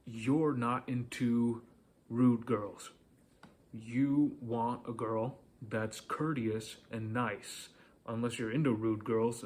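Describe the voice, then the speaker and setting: A man's voice: mid-range voice, a little hiss or hum. A man giving dating advice in a casual, direct monologue, coaching the listener and often checking in with "okay?".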